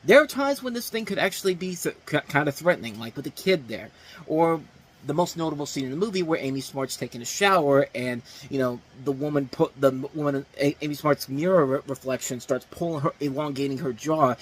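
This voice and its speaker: A man with a husky, slightly breathy voice reviews movies off the cuff. He rambles, restarts his sentences and leans hard on the words he wants to stress. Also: medium pitch, low-quality recording. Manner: rambling, many fillers and restarts, animated emphasis. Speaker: movie review show host. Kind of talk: casual spoken movie review.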